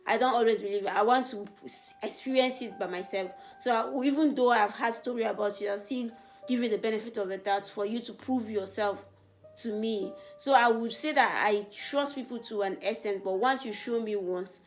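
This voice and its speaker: Young woman from africa doing a chatty q&a, earnest, gets louder and higher when excited, faint music underneath. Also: moderate pace. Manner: animated, voice rises when excited. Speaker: beauty vlogger. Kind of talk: casual get-to-know-me Q&A.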